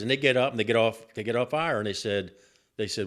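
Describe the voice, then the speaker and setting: An older man telling a story on a podcast in an animated, profane way and repeating himself as he goes. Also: medium pitch, fast talker. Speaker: guest, host's father.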